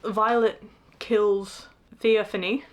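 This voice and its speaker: Young woman, book review rant, sarcastic, exasperated, swears, laughs, mid pitch. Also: steady tone, slow. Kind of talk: casual ranting book review.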